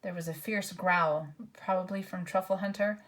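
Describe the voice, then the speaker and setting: A woman's voice: lowish voice, fairly even intonation, moderate pace, fairly bright tone. A woman reading a children's fantasy novel aloud, narrating and doing the characters' voices. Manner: voices each character, aside comments to listener. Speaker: audiobook reader. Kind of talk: storybook read-aloud.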